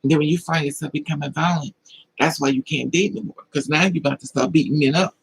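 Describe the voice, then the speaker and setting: On a livestream, a man with a fairly high, fairly even voice talks quickly with vocal fry and a slight roughness, and the recording quality is low. He tells personal stories with emotion and answers chat comments in a confiding way, keeping the talk casual.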